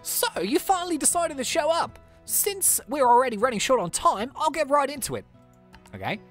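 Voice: high-pitched, big pitch swings, normal speed, faint music behind, voice pushed up. A let's-play gamer reading out a sassy, wealthy young woman rancher in a put-on Australian accent, haughty and impatient. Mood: brisk. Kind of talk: reading game dialogue aloud.

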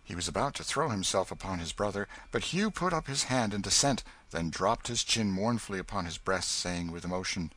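A man narrating a classic novel as an audiobook in a measured storytelling manner. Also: low voice, fairly bright tone. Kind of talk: scripted narration.

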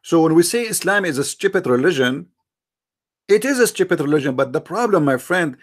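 A man's voice: a little high, animated, a little fast. Mocking, argumentative male live-stream host. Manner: mocking and argumentative, piles up rhetorical questions to viewers; non-native English grammar, frequent restarts. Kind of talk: live-streamed religious debate commentary.

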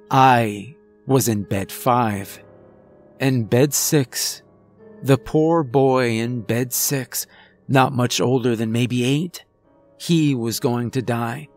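Guy reading a horror story real slow, mid-pitched voice, faint music behind. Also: darkish tone. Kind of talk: scripted horror narration.

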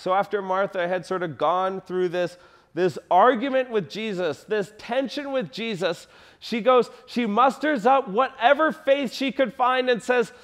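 High-voiced man preaching with repetition. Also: a little slow, fairly bright tone. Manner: dramatic retelling with acted quotes, repeats lines for emphasis; addresses the congregation directly. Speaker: pastor. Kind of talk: sermon.

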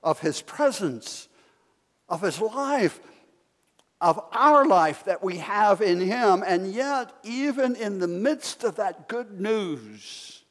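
A male pastor delivers a sermon in a slow, storytelling way, pausing to put questions to his congregation. His voice sits a little high for a man. The sanctuary adds a long, lingering reverb. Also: expressive, a bit bright. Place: church sanctuary.

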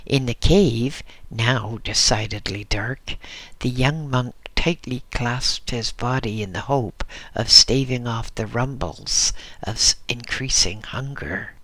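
A man narrating an audiobook in a measured, descriptive storytelling manner. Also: mid-range voice, a bit bright, no room sound.

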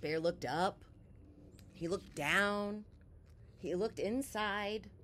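A woman reading a picture book aloud to children, expressive and unhurried, sometimes sinking to a soft whisper. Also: mid-range voice, slight background noise. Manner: animated, slow and expressive, drops to soft whispers. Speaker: children's story reader. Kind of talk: read-aloud storytelling for children.

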